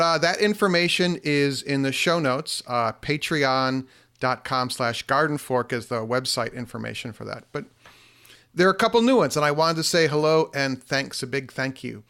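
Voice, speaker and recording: A man's voice: mid-range voice, bright, forceful tone. A man hosting a solo podcast in casual, chatty talk, self-deprecating and full of ums, speaking into a microphone at his desk. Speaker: podcast host. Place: home desk with computer. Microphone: studio microphone.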